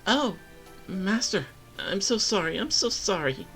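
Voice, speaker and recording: A man's voice: sits high, lively intonation, unhurried, creaky, sharp tone, soft background music, pitched above the performer's own voice, full character voice, rough recording. A man voicing a nervous, apologetic young woman who keeps saying sorry. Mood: anxious. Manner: nervous, self-deprecating, apologetic.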